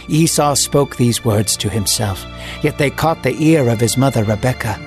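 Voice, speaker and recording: A man narrating a scripted Bible story in a measured, dramatic way. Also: medium pitch. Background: faint music.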